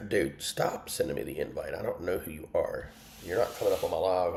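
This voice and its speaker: A man's voice: sits low, expressive, brisk, vocal fry, roomy sound, crowd noise. A man hosting an online Bible study, candidly sharing an emotional personal testimony and breaking off to answer his live chat.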